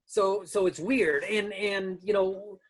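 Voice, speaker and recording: A man's voice: high voice, fairly even intonation, slow pace. A man in his fifties telling stories as a guest in an interview, rambling through anecdotes with many restarts. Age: 50s. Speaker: guest, stunt rigger. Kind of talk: casual storytelling.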